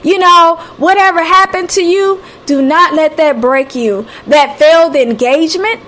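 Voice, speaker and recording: This is a woman with a Southern American accent and a high voice. She speaks in a live motivational talk, sounding encouraging and preacher-like. She repeats her key phrases and calls listeners honey and sweetie. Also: unhurried, fairly bright tone. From Southern United States. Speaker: radio host. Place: home, live stream.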